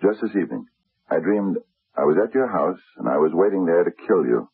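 An actor playing an anxious, dull middle-aged stockbroker in an old radio drama, hesitant and stammering. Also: male voice, sits low, animated, a little fast, slightly rough, dry recording, exaggerated voice. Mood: earnest. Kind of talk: 1970s radio drama acting.

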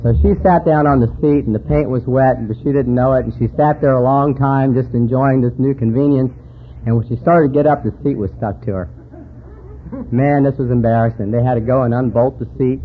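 A man speaks in a mid-range voice at a recovery conference, playing the folksy joke-teller as he shares stories with people in a hall. There's slight background noise, and the sound is tinny, like a phone.

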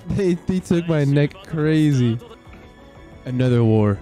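A young man reacting to an anime episode in casual, excitable commentary, swearing and calling out "brother" as he watches. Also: a little high, slow, soft background music.

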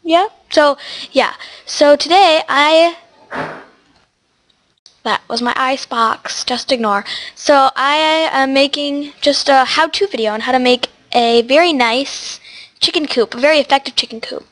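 This gaming channel host is a teen girl whose high, fairly bright voice sounds stuffy and sniffly. A little slow in delivery, she chats and wanders off topic during a casual tutorial, speaking to animals in the game.

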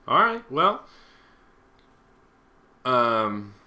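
A man's voice: medium pitch, sing-song, extremely slow, pushed and bright. A young man co-hosting a casual talk show, rambling and repeating words as he starts his sentences. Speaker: podcast co-host. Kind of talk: casual chat.

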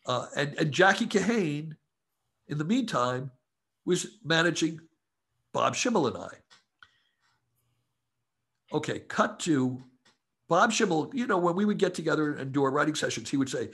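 A man talks through his memories as a guest in a casual interview. His voice is gravelly and a little husky. He sits somewhat high for a man, and he slips into the voices of people he quotes. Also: moderate pace. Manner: relaxed anecdotal storyteller who acts out quotes. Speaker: guest, comedy writer.

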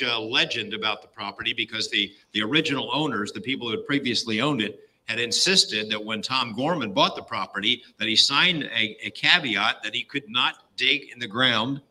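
A man's voice: mid-range voice, normal speed, sharp tone, rough recording. A middle-aged man casually retelling a story, with many fillers and quoted lines acted out. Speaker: guest storyteller.

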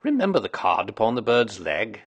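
Male reader doing a sharp-minded Victorian sleuth, emphatic and lively. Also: on the low side, normal speed, slightly rough. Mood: lecturing. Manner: precise, lecturing, emphatic. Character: brilliant, self-assured Victorian male detective.

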